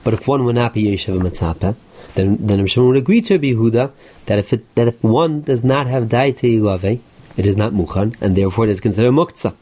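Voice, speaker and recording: Rabbi guy doing a talmud class, mellow dark voice, explains step by step. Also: fairly low pitch, fast. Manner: explanatory, steady lecturing with rising emphasis on key points. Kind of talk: Talmud lecture.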